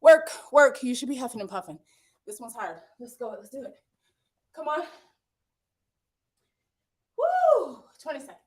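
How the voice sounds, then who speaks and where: A high-voiced woman leads a workout, puffing as she cheers her class on and counts down the seconds. She speaks from well back from the mic in an echoey room. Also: expressive, fast, pauses often, recorded from a distance. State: out of breath. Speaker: fitness instructor. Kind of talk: live workout coaching.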